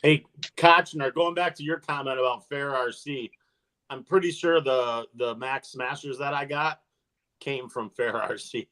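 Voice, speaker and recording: A man's voice: mid-range voice, steady tone, a little slow, sharp tone. Laid-back man talking shop. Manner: laughs often, restarts sentences. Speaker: hobby shop owner hosting a livestream. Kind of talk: casual chat.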